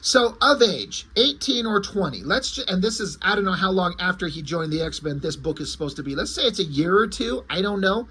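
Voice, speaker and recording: A man's voice: sits high, animated, fairly quick, hardly any pauses, bright, forceful tone, breathy edge. A man casually reviewing an old comic book, rambling and correcting himself as he goes, with the odd swear word.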